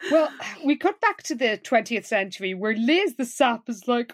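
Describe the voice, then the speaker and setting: A woman's voice: fairly high pitch, expressive, normal speed, hardly any pauses, no room sound. Laughing woman podcast co-host. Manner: laughing, acts out quotes. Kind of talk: casual chat recapping an episode.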